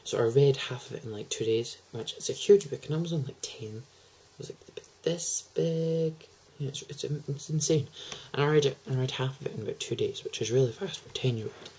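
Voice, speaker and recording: Excitable teenage lad rambling. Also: male voice, medium pitch, fast, hardly any pauses, breathy edge, low-quality recording. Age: teens. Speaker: vlogger. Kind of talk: casual chat to camera.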